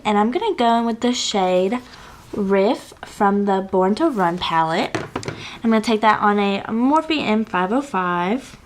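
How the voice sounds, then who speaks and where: This beauty vlogger, a young woman with a slightly high voice, talks casually about her makeup routine with plenty of fillers, chatty and gushing. There's slight background noise in the recording.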